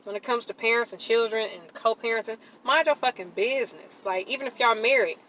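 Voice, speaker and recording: A woman speaking to camera in a blunt, profane, emphatic rant, swinging into loud outbursts. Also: on the high side, brisk, rough recording. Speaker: vlogger. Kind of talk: casual venting monologue.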